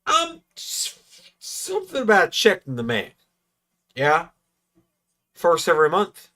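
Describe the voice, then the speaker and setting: A man's voice: on the high side, huge pitch swings, unhurried, long pauses, sharp tone. A tipsy man hosting a live watch-along stream, rambling and swearing a lot as he comments. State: tipsy from drinking. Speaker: stream host.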